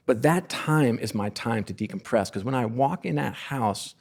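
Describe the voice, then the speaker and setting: A man's voice: mid-range voice, lively intonation, normal speed, gravelly, darkish tone. A middle-aged man, a podcast guest from sports business, telling stories in an earnest, effusive, self-deprecating way. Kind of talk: casual conversational storytelling.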